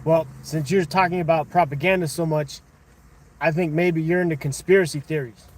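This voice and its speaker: A man hosting a livestream, casually chatting and arguing with viewers in chat, thinking out loud. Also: a little high, steady tone, moderate pace. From United States. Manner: conversational, argumentative with chat, thinking aloud. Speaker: livestream host.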